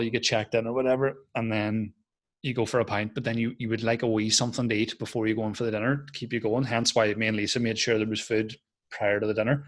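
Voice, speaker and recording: A man's voice: fairly low pitch, fairly bright tone. A young adult man, a comedian in casual podcast chat over a video call, telling stories with lots of swearing and acted-out quotes.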